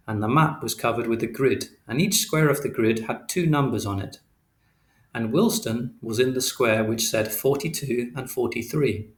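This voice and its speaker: A man reading an audiobook aloud in a steady, literal, matter-of-fact way. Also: mid-range voice. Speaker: audiobook narrator. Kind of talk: scripted narration. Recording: roomy echo.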